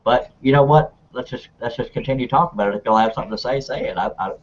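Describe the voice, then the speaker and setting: A man's voice: medium pitch, quick pace, highs cut off, a little hiss or hum. A man hosting a live online hangout, chatty and rambling, laughing often. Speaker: host.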